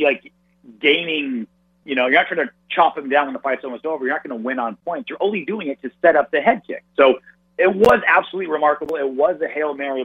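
Male sports guest analyst, animated, husky, tinny phone line. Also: fairly high pitch, no echo. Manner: animated, analytical, quick restarts. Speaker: radio and podcast host, guest analyst.

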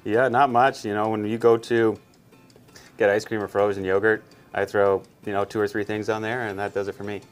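A man, a hockey player, giving a relaxed, easygoing interview. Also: brisk, soft background music. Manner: relaxed, low-key, easygoing. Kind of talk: casual interview.

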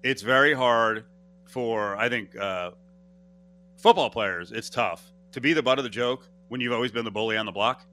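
A male sports radio host with a bright, forceful voice. He tells stories with animated energy and jumps back to restart his thoughts. Faint music sits under him. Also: medium pitch. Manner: animated storyteller with quick restarts. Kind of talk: casual sports talk.

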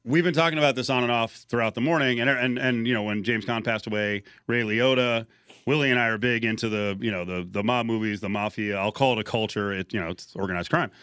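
A man's voice: medium pitch, quick pace, fairly bright tone, clear, resonant tone, dry recording. Male radio host steering the talk. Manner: leads the talk, asks loose questions. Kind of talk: casual sports radio chat.

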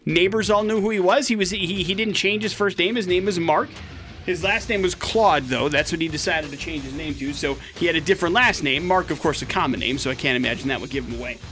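A male radio host with a high, bright, forceful voice tells a news story in chatty, wry banter, dropping dry jokes along the way. Faint music plays under him in the studio. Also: fast talker. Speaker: radio morning show host.

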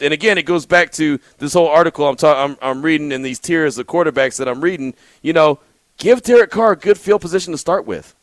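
Sports radio host, male, slightly high voice, chatty and laughing, dry studio sound. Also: fairly quick, dry recording. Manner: chatty, laughs often, restarts sentences. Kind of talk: call-in sports talk radio.

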